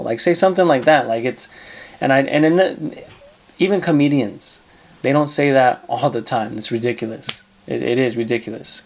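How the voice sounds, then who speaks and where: A man's voice: mid-range voice, moderate pace. A man hosting an advice show, talking casually in a blunt, profane way and repeating himself for emphasis.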